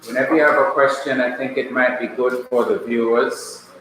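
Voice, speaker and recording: A male Bible language teacher from Jamaica, lecturing a class slowly and patiently, repeating key points. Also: medium pitch, steady tone, fairly bright tone, a little hiss or hum. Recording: echoey classroom, mic at a distance.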